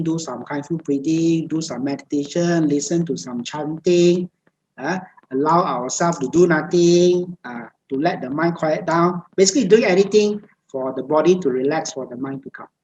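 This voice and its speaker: A woman gives a Buddhist dharma talk over a video call, her voice low. She speaks in repetitive, list-like phrases and often stops on hesitant fillers. Faint noise sits behind her. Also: normal speed, darkish tone, dull audio. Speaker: meditation teacher.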